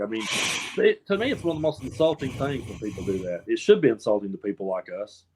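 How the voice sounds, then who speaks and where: A man's voice: medium pitch, lively intonation, fast, darkish tone. A man from the American South co-hosting a casual political chat show, talking in an earnest, rambling way and often repeating words as he restarts. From Appalachian South, US. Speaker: co-host.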